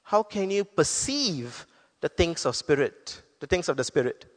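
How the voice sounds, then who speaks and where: Man preaching in an echoing hall. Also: sits high. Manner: earnest, explanatory preaching with scripture quotes. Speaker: pastor. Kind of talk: sermon.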